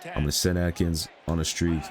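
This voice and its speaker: A man with a low voice talks through his football video game play by play. He narrates each snap as it happens and jumps up in pitch when a play surprises him. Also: little pitch movement, fairly quick, over music. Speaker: gaming YouTuber. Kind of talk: live gameplay commentary.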